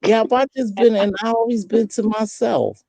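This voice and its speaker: Older woman, deep gravelly voice, chatty host, lively storyteller. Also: normal speed. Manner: lively storyteller who acts out quoted voices. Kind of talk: casual late-night chat.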